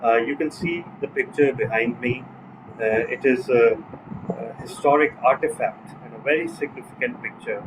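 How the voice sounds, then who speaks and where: A man hosting a club meeting as toastmaster of the day, measured and pausing with frequent fillers. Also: mid-range voice. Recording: noisy line with hum behind.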